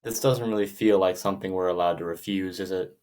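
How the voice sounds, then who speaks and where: A man's voice: low voice, fairly even intonation, fairly quick, darkish tone. A man talking casually as a player in a tabletop game.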